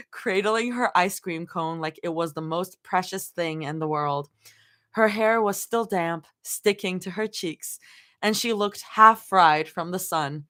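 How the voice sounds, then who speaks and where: A woman's voice: on the low side, fairly bright tone. A woman reading fan fiction aloud on a livestream, stopping often to laugh and chat with viewers. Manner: giggly, laughs often between lines. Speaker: fanfiction reader on a livestream. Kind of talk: live story reading with chat reactions.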